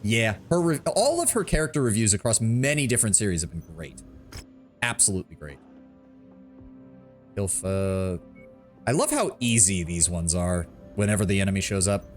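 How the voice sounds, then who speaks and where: A man's voice: on the low side, big pitch swings, normal speed, pauses often, soft background music. A man streaming a video game, chatting casually with some swearing and enthusing about mechs. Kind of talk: casual gaming livestream commentary.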